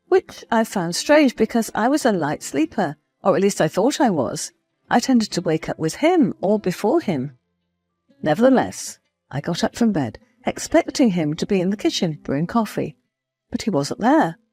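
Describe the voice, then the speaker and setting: A woman narrating a first-person story in a confiding, expressive way. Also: on the low side.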